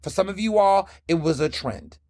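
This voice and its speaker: A man's voice: sits high, normal speed, no echo, studio quality. Candid Southern man hosting a podcast. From American South. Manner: candid, animated, slips into playful quoted voices. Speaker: podcast host. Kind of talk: casual solo podcast monologue.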